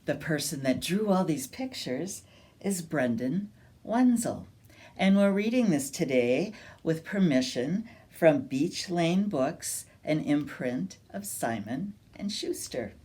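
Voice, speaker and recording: A woman reads a picture book to young children at a very slow, unhurried pace. Her pitch swings widely in a lively sing-song, and she keeps coaxing the little listeners to join in. Her voice sits on the low side. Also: slightly rough. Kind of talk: slow, animated storytime read-aloud.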